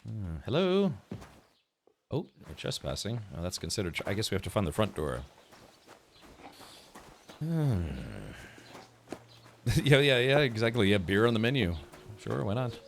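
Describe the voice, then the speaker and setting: A man's voice: on the low side, sing-song, unhurried, pauses often, a little hiss or hum. A man chatting casually while he streams a game, musing aloud with many fillers. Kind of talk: casual gameplay commentary. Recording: faint game music behind.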